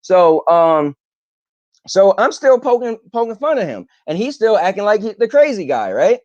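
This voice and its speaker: Casting: male podcast host, rambling storyteller, fairly high voice, dry dull lo-fi mic. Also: moderate pace, no room sound. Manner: rambling, animated retelling with filler ums. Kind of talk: casual storytelling monologue.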